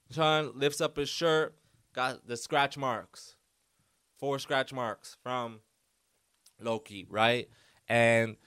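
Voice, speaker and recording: A man's voice: medium pitch, fairly bright tone, smooth, no echo, clean studio sound. A man hosting a solo podcast, telling a story casually and loosely, with lots of fillers and quoted voices. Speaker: podcast host.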